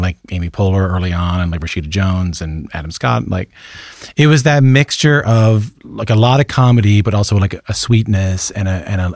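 A man of middle pitch interviews his guest with long, searching questions, restarting his sentences often. His voice is recorded dry, with no room sound. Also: darkish tone, no echo. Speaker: interviewer, host. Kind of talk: conversational interview.

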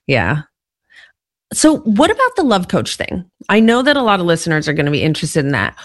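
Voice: mid-range voice, wildly swooping pitch, a little fast, no echo, studio quality. A podcast host asking curious, conversational questions of a guest. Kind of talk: interview questions.

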